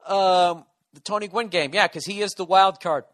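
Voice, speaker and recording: A man's voice: sits high, normal speed, fairly bright tone. Profane ranting East Coast American man. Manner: profane, sarcastic, rambling. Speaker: podcast host. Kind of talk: solo comedy podcast rant.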